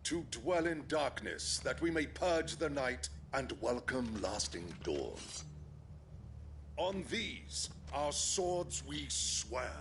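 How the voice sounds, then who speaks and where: An actor playing a stern, menacing male soldier commander in a video game, speaking formally and with measured threat. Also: mid-range voice, big pitch swings, background noise. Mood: cold, menacing.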